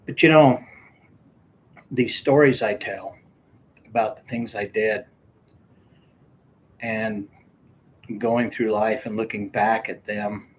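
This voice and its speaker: A man's voice: on the low side, slight background noise. Older man telling rambling stories. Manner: rambling, laughs often while telling. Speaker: storyteller. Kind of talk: casual storytelling.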